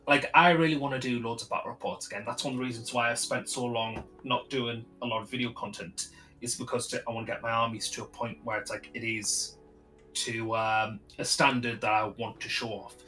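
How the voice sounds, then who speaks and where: A man's voice: medium pitch, fairly even intonation, a little fast, bright, forceful tone, soft background music. A man talking eagerly on a hobby stream, packing his speech with "like" and fillers. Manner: eager, filler-heavy, lots of "like". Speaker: guest hobbyist. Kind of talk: casual chat.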